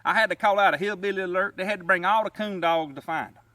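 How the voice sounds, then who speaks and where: A man's voice: high-pitched, fast, sharp tone, no room sound. A man telling a rhyming comic story in a folksy drawl, as the host of his channel. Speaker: comedy storyteller.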